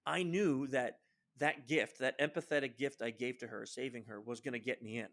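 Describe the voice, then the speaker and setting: A man as a podcast guest telling stories about his work, animated and acting out quoted lines, with many fillers and restarts. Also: medium pitch, normal speed. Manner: animated storyteller who acts out quoted lines. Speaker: guest social engineer. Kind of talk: storytelling in a podcast interview.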